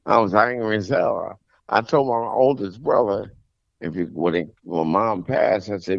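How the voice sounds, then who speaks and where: A man's voice: on the low side, unhurried, gravelly, dry recording, dull audio. An American man, a comedian guest, talking bluntly in casual chat with short replies.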